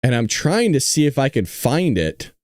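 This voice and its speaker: Male host, joking, teasing the chat, lively pitch, dry sound. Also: normal speed, no echo. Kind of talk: casual political chat show.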